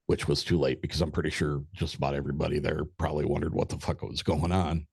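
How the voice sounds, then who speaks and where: A man's voice: very deep voice, little pitch movement, fast talker, gravelly, hardly any pauses, slightly rough, no room sound, clean studio sound. A middle-aged man, a podcast guest, telling a long story in a rambling, hesitant way with some swearing. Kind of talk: casual storytelling.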